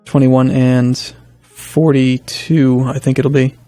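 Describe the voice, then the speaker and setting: A man casually commenting on his strategy game as a let's play host, thinking aloud with hesitant restarts and sudden bursts of excitement. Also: medium pitch, slow pace, dry recording, soft background music.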